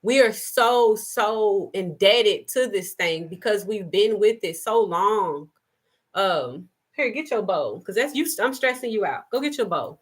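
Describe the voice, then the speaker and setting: A woman hosting a spiritual live stream, speaking in an impassioned monologue with emphatic, repetitive, preacher-like phrasing and gentle asides. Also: mid-range voice, lively intonation, unhurried, husky. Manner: shifts into soft, gentle asides to her child.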